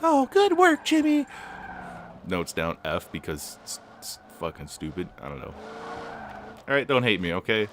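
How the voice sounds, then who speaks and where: A young man giving casual, rambling commentary while playing a racing game, swearing often and filling pauses with lots of ums. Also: low voice, lively intonation, noisy background. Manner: rambling, swears a lot, many fillers. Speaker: gaming channel host.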